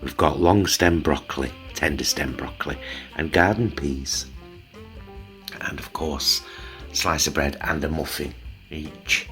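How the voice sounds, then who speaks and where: A man's voice: rumbling low, fairly even intonation, unhurried, sharp tone, faint music behind. A man hosting a casual food vlog, chatty, teasing and affectionate as he shows dinner. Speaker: vlog host.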